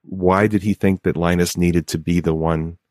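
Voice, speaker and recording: A man's voice: sits low, fairly even intonation, moderate pace, a little mellow, no echo, clean studio sound. A man co-hosting a podcast, talking in a reflective way and often stopping to restart his sentences. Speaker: podcast co-host. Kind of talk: casual discussion.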